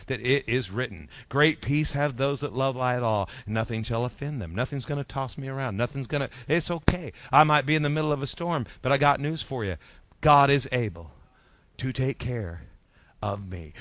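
A man preaching a sermon as pastor, in a rhythmic style that drops soft at phrase ends and leads the congregation in repeating lines. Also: medium pitch, no room sound. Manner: leads congregation in call-and-response.

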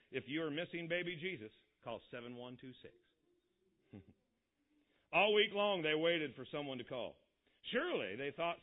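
A man, a pastor, telling a story aloud as a sermon and voicing its characters lightly. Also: mid-range voice. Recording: tinny phone-like audio.

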